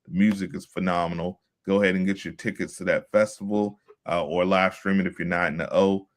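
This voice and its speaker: A man's voice: low-pitched, fairly even intonation, brisk. A man from Virginia hosting a casual interview, talking in an upbeat hype style with punchy catchphrases. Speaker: podcast host.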